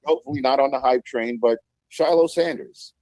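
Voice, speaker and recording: A male guest on a sports talk show who gives his picks earnestly, stumbling and restarting as he goes. His voice sits around a middle pitch. The sound is close and dry. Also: brisk, a little mellow, dry recording, rough recording.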